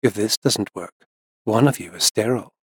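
A man reading the lines of a composed older woman herbalist who speaks in an even, unhurried tone. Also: lowish voice, husky, dry recording, clean studio sound. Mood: cool.

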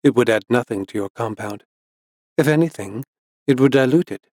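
A man reading the lines of a composed older woman herbalist who speaks in an even, unhurried tone. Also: medium pitch, no room sound, clean studio sound, close to an everyday voice. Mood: cool.

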